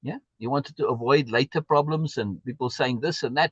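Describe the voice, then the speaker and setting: A man's voice: mid-range voice, moderate pace, a bit bright, breathy edge, no echo, highs cut off. A man hosting a live stream, talking in an emphatic way and repeating words for stress as he answers viewer comments. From South Africa. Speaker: livestream host.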